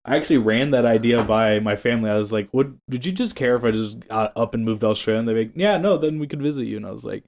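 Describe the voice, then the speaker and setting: A man's voice: lowish voice, fairly even intonation, fast talker, vocal fry, few pauses, darkish tone. A young man from Texas chatting casually among friends, telling rambling stories full of fillers and chuckles. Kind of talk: casual chat.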